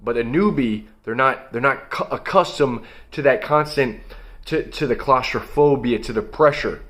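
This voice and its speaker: A man's voice: medium pitch, moderate pace, a bit bright. A young man giving a blunt, emphatic motivational monologue as host of his own video channel, coaching listeners directly.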